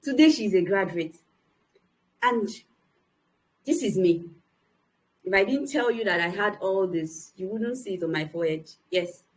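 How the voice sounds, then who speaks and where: A woman's voice: medium pitch, unhurried, long pauses, low-quality recording. A young adult woman, a motivational speaker, giving an earnest, emphatic personal testimony to young people.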